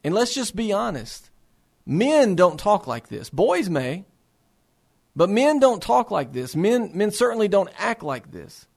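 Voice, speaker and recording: Impassioned high-voiced man preaching. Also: big pitch swings, measured pace, gravelly, a little mellow. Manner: impassioned, rhetorical questions, repeats words when starting phrases. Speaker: speaker for a faith-based resource center. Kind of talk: earnest address to fellow believers.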